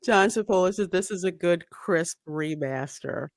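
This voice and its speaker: A woman's voice: fairly low pitch, measured pace, no echo, clean studio sound. A woman hosting a film watch party, chatting casually and reading viewer comments aloud.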